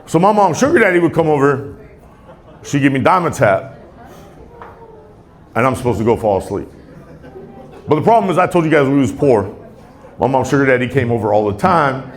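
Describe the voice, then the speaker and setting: Medium-pitched and lively, he talks a little fast with long pauses. The man, a forties-aged comedian from Tacoma, Washington, USA, delivers a rambling, self-deprecating live stand-up set on a club stage to crowd laughter, often laughing at his own jokes.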